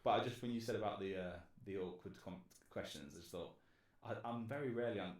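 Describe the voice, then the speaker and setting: A man's voice: on the low side, fast, a little mellow, reverberant. A man with an English accent chatting casually on a podcast, rambling and swearing, with many restarts. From England. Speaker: podcast co-host. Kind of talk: casual chat over drinks.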